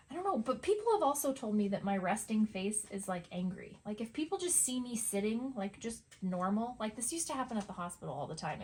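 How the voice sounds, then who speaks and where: A woman's voice: medium pitch, a little mellow. A middle-aged woman at home, chatting casually and rambling while she paints, laughing often. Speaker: art vlogger. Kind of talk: casual chat over painting.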